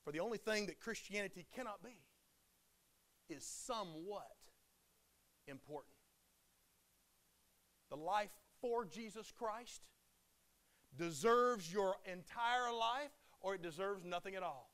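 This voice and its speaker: A man preaching with a very high, bright, forceful voice. He drives his points home with rising, passionate emphasis, then falls to near-whispered lows before building up again. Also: animated, slow, pauses often. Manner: emphatic preaching with loud passionate peaks and hushed drops. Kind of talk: sermon.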